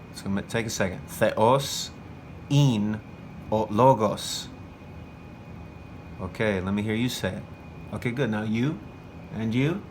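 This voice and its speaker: A patient male teacher walks an imagined class through a lesson, saying each phrase slowly and asking them to repeat it. His voice sits at an ordinary pitch and he praises the class often. A faint noise sits under the recording. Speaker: Greek teacher trainer.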